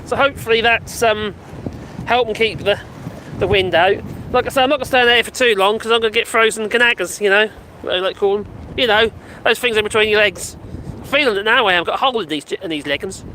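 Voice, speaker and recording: A man with a strikingly high, bright voice rambles cheerfully through a casual outdoor live stream. He chats loosely, reacts to comments and laughs often, speaking into a mic with a furry windshield while faint wind hisses behind him. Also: fast talker, low-quality recording. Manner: chatty and rambling, with frequent laughs and exclamations. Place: outdoors on a windy hillside near buildings. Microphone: handheld mic with furry windshield.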